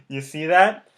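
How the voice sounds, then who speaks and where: Brief: fired-up male mentor, slightly high voice, hammering points home with repetition and quick laughs. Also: a bit bright. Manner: enthusiastic and emphatic, repeats key words; laughs often mid-sentence. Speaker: motivational mentor. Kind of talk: casual coaching chat.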